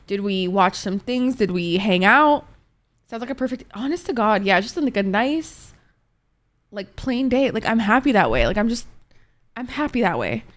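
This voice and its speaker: With a medium pitch and a fairly bright tone, a female Twitch streamer casually chats with her audience live. She rambles along in a laid-back manner, cursing liberally as she replies to messages from chat.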